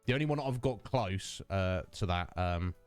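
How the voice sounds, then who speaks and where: A man's voice: low voice, expressive, moderate pace, smooth, faint music behind. A man, chatting casually with his livestream viewers, greeting them by name and laughing often. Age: 30s. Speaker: streamer.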